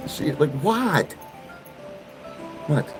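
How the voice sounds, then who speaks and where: Male vlogger, very low voice, lively up-and-down delivery, casual and chatty; faint music underneath. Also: measured pace, low-quality recording. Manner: chatty, talks to his dogs. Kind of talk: casual vlog chat.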